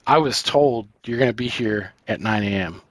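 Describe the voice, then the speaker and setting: A man's voice: lowish voice, moderate pace, no room sound. A man co-hosting a podcast, telling a story in casual chat with lots of swearing and quoted back-and-forth. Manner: profane, animated retelling with quoted exchanges. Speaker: podcast co-host.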